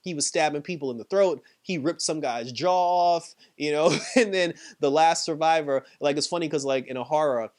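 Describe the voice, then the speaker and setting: A man's voice: fairly high pitch, normal speed, hardly any pauses. Laughing, chatty male show reviewer. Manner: chatty, laughs often, heavy on fillers like "like" and "you know". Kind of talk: casual episode recap.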